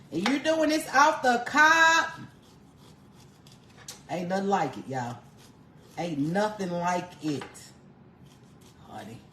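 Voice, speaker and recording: Lady cooking in her kitchen, lively up-and-down voice, kinda echoey room with a faint hum. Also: lowish voice. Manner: folksy, calls the viewer honey, laughs often. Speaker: home cook vlogger. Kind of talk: casual cooking demonstration. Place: home kitchen.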